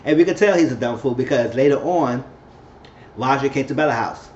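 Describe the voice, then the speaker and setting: A man giving an animated, chatty recap of a TV episode, with quick asides. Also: medium pitch. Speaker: TV show reviewer. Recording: echoey, dull-sounding room with faint hiss.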